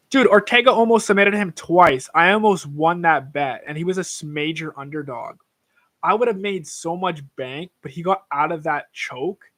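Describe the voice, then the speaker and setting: A man's voice: a little high, normal speed, a bit bright. A young man hosting a casual livestream, rambling through tangents about sports bets and swearing freely. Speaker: livestream host.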